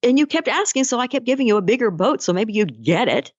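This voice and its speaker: A woman's voice: a little high, big pitch swings, fast, dry recording, highs cut off. A woman voicing God, patiently explaining to a man why he is disappointed.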